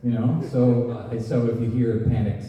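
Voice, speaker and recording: A man's voice: mid-range voice, normal speed. A man with a neutral American accent, telling stories and laughing as a guest on a convention panel. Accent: neutral General American. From Canada. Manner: animated storytelling, laughs often. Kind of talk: casual convention panel talk. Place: large convention hall. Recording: distant echoey hall, muffled.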